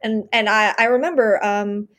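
A woman's voice: mid-range voice, fairly even intonation, normal speed, a bit bright. A woman of about thirty, a podcast guest telling a personal story earnestly and with emphasis, often restarting and acting out her inner dialogue. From Northern California. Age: 30s.

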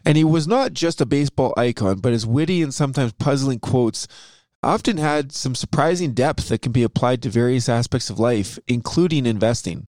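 A man's voice: medium pitch, normal speed, darkish tone, dry recording, clean studio sound. A man co-hosting an investing podcast in a casual, upbeat, chatty way. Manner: upbeat, chatty, self-aware about his "radio voice". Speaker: podcast co-host, financial advisor. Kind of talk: casual chat.

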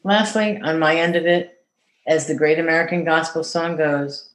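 A woman caregiver reading a letter aloud in an earnest, measured way, then answering interview questions. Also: low voice. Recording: echoey room.

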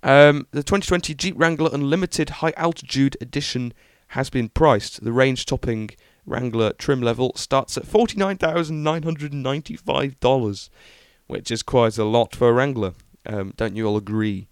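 A man's voice: mid-range voice, moderate pace, smooth, no room sound, clean studio sound. A young man hosting a podcast, chatting casually and enthusiastically about car news with lots of ums. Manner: rambling, enthusiastic, many ums. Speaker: podcast host.

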